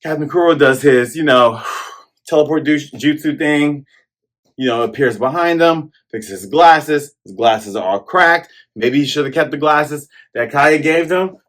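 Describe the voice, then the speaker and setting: A man hosting a casual manga chapter review, animated and jokey, acting out lines as he goes. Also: a little high, unhurried. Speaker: host.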